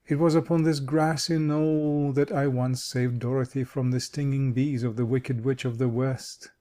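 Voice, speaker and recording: A man's voice: medium pitch, flat delivery, normal speed, dark tone, natural voice. Man doing a thoughtful, kindly scarecrow king. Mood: reflective. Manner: thoughtful, reflective, fatherly. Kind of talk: audiobook character voice.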